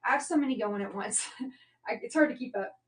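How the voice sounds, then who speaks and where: A woman's voice: on the high side, a little fast. A woman hosting a live shopping stream, talking casually in a rambling way with many fillers and self-corrections. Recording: roomy sound, mic at a distance.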